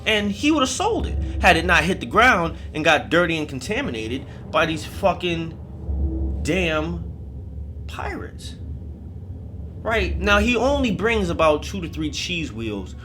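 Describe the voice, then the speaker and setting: A man's voice: fairly high pitch, bright, forceful tone. Guy telling a story all casual and cussing, voice jumps around a lot, music playing behind. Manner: casual, profane, rambling asides. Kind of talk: comedic storytelling.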